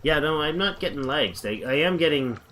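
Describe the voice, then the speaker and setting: A man's voice: a little high, animated, fairly quick, fairly bright tone, slight background noise. A man casually chatting on a livestream while playing a game, rambling and thinking aloud as he reads the chat. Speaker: game streamer.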